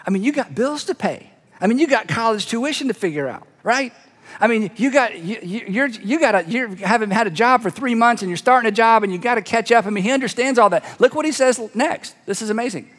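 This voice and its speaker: A man preaching a sermon as pastor, with animated storytelling and conversational asides. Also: extremely high pitch, brisk. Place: church sanctuary. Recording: long reverb of a large hall.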